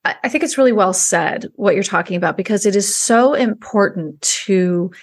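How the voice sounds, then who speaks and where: A woman hosting a podcast in casual chat, conversational and quick to chime in with agreement. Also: mid-range voice, breathy edge. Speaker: podcast host.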